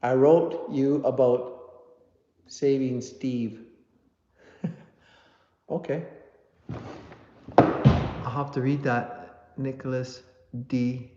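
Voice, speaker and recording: A man's voice: medium pitch, little pitch movement, very slow, long pauses, mellow, a little hiss or hum. A man hosting a casual live stream, chatting with viewers, reading their comments aloud and joking about his own memory. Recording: dull, roomy audio with long reverb.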